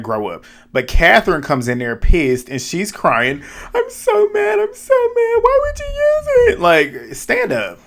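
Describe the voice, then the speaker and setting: Blunt, slangy young man recapping a show. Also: mid-range voice. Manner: animated, blunt, slangy, talks straight to viewers. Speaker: reality show recap vlogger. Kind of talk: casual episode recap and commentary.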